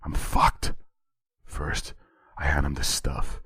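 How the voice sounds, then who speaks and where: A jittery young man, as a narrator puts him on, tipsy and nervous, coaching himself in a low, deep voice. He often drops to a breathy, anxious murmur. The sound is close and dry. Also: measured pace, no room sound, full character voice. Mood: despairing. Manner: anxious, talks himself into calm.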